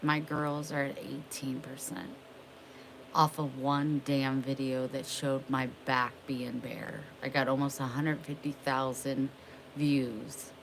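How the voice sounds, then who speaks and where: Low-voiced young woman, slow drawl. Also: vocal fry, a little hiss or hum, poor audio. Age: young adult. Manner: slow, drawling, chatting with viewers by name. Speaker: livestreamer. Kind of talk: casual livestream chat.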